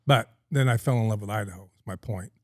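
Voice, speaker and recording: A fairly low-pitched, fast-talking middle-aged man from California tells a lengthy, rambling story as a podcast guest. His folksy telling is thick with ums and uhs, captured in studio quality with no room sound.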